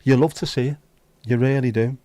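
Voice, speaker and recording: Hosting a stream from Liverpool, this chatty Scouse man calls out viewers by name, trades banter, and complains about his setup in casual live chat. He talks fairly quickly in a warm, steady, medium-pitched voice, and the recording is dry.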